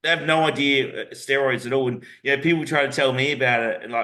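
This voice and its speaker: A man's voice: medium pitch, fairly even intonation, fast, sharp tone. An Australian man co-hosting a casual podcast, agreeable and laid-back, often chiming in. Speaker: podcast co-host.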